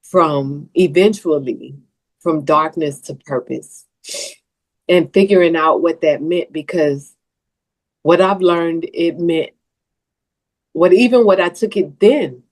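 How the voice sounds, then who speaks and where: Low-voiced woman telling her story. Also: slow pace, pauses often. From Southern US. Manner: earnest, tearful at times. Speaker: podcast guest. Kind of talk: emotional personal storytelling.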